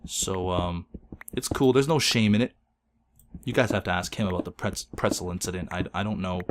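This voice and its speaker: A man hosting a gaming video, telling an absurd made-up story in a deadpan, mock-solemn way that breaks into laughter. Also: low-pitched, normal speed. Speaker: Let's Play host. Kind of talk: absurd tall-tale storytelling while gaming.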